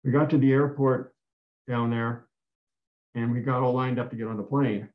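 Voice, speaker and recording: At normal speed, this man speaks in a mid-range voice with fairly even intonation. Giving a talk as a guest speaker, he earnestly relates a personal story, with frequent repetitions and restarted phrases, captured in a dull, roomy recording.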